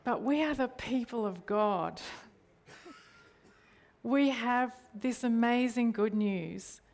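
A woman's voice: on the high side, slow, a little mellow. A middle-aged woman with an Australian accent, a church leader giving a sermon in an earnest way, often turning to the listeners with rhetorical questions.

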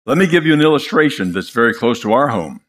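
An older man preaching a sermon, impassioned and dramatic, telling stories with pauses for effect. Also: medium pitch, sing-song, breathy edge.

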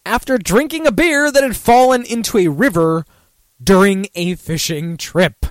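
A man's voice: high voice, moderate pace, no echo. A man hosting a casual talk show, rambling and swearing freely while laughing at his own jokes. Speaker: host. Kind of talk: casual talk-radio banter.

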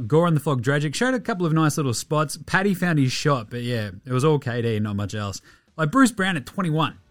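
A man hosting a daily sports podcast, talking fast and loose with swearing as he rattles off stats. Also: mid-range voice, no echo. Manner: energetic, profane, rattling off stats. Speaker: podcast host.

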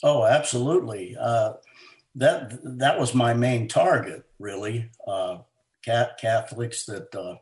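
A man speaking as an author and interview guest, earnest and halting, with frequent fillers and restarts. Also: mid-range voice. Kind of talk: conversational interview. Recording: roomy echo.

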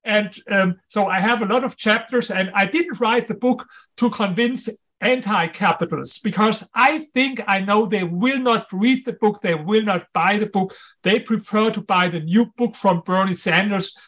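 A man speaking English with a strong German accent, a guest author on an interview show. His voice sits fairly high for a man, and he hammers home his points, often repeating the key ones. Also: moderate pace, fairly bright tone.

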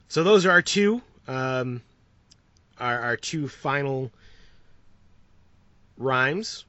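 A man's voice: mid-range voice, very slow, pauses often, no echo. Laid-back man hosting a podcast. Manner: laughs often, relaxed and rambling. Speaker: podcast host. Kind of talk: casual podcast chat. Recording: dull lo-fi sound.

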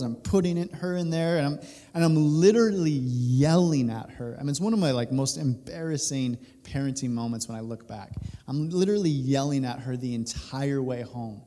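A man in his thirties, a pastor, telling a personal story during a sermon, animated and laughing through it. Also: fairly high pitch. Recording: reverberant hall.

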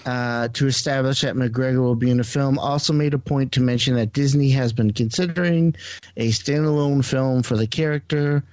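A man's voice: mid-range voice, fairly even intonation, normal speed, darkish tone, no echo. French-Canadian man reading podcast news. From Quebec. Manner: laughs often, reads an article aloud with stumbles. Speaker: podcast host. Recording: slightly muffled dry audio.

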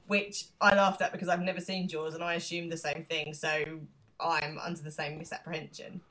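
Low-voiced woman recapping a TV episode. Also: fairly even intonation, a bit bright. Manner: retells scenes with quick quoted lines and frequent laughs. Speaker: podcast co-host. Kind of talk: casual chat recapping a TV episode.

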